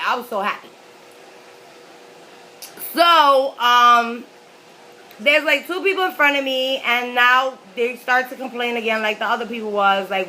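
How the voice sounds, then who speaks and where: A woman vlogger rambles casually through a story as she eats, filling it with little fillers. Her voice sits fairly high and sounds bright, with a faint hiss of noise under the recording. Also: moderate pace, rough recording. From New York City. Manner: chatty, rambling, lots of fillers. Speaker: mukbang vlogger. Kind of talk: casual storytelling while eating.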